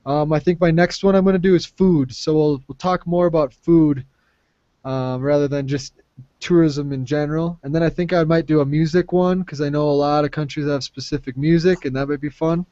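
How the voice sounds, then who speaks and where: Man, friendly call host, slightly high voice, muffled call audio, dry sound. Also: fairly even intonation, a little fast, warm tone, dry recording. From Minnesota. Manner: friendly, easygoing, fillers and restarts. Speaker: host of a language exchange call. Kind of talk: casual group conversation. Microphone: video call.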